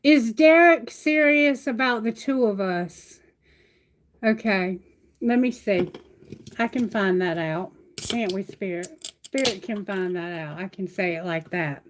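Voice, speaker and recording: A woman giving a live-stream tarot reading at home. She reassures viewers warmly, calls them sweetheart, and asks her questions aloud to Spirit. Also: medium pitch, unhurried, slight background noise, rough recording. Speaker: tarot reader. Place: at home, near her bedroom.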